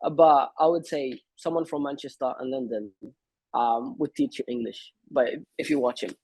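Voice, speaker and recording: Husky-voiced hesitant male guest. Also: medium pitch, fairly even intonation, moderate pace, a little mellow, no room sound. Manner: hesitant, many fillers and restarts. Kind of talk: casual conversation.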